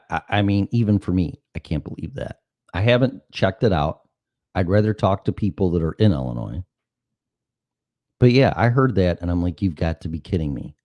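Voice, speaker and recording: A man's voice: sits low, dry recording. A middle-aged man hosting a talk show, telling stories casually, with profanity and acted-out dialogue. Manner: animated, profane, acts out dialogue. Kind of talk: casual chat, anecdotal storytelling.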